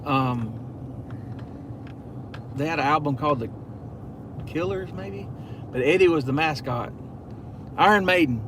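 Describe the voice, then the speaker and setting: A man's voice: on the high side, animated, unhurried, long pauses. A man, hosting a casual live stream from inside a car at night and chatting to viewers in a rambling, storytelling way. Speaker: channel host. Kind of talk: casual live-stream chat while driving. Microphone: phone. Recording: car noise throughout.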